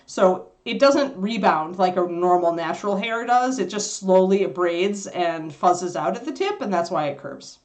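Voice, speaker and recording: A woman's voice: lowish voice, expressive, moderate pace, few pauses. A woman hosting a miniature painting livestream, chatting casually and explaining brushes and colors to viewers. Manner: chatty, scolds and coos at her puppy between painting tips.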